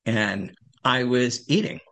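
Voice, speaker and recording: A man's voice: medium pitch, slow pace, a bit bright. A man in his sixties telling his recovery story at a support meeting, rambling and self-deprecating. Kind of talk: personal recovery share.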